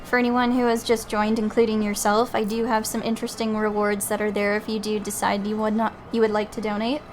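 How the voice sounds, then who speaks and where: A woman's voice: medium pitch, level tone, fairly quick, a little hiss or hum, poor audio. A young woman streamer chatting casually while gaming, swearing freely and saying "like" a lot. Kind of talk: casual chat while playing a game.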